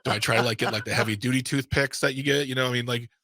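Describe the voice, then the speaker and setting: A man's voice: medium pitch, steady tone, rapid-fire, creaky, sharp tone, no room sound. A man co-hosting a radio talk show, bantering in a playfully defensive way. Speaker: radio co-host.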